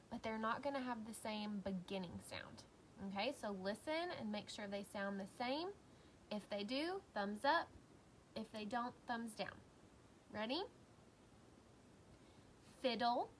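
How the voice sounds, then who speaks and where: A woman teacher records a lesson for young children, speaking slowly with a lively, rising and falling voice. She encourages warmly and sounds out each word with care. Faint noise sits behind her. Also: on the high side. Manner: slow, encouraging, clearly sounding out words.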